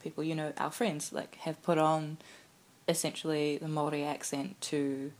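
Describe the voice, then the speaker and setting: A thoughtful woman from New Zealand in easy conversation. Her voice is notably deep for a woman. She works her ideas out aloud with ums and restarts. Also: little pitch movement, normal speed. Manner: thoughtful, reflective, with fillers. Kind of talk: casual conversation.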